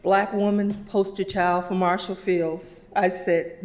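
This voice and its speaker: A middle-aged woman giving a eulogy, telling warm anecdotes, often laughing and acting out the people she quotes. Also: fairly low pitch, steady tone, measured pace. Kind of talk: personal eulogy storytelling. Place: funeral service.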